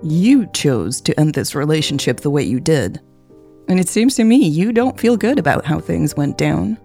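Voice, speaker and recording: A woman's voice: low-pitched, very animated, normal speed, gravelly, faint music behind, heavily acted. A woman voicing a blunt, teasing young sister. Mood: insistent. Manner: teasing, frank, gently insistent.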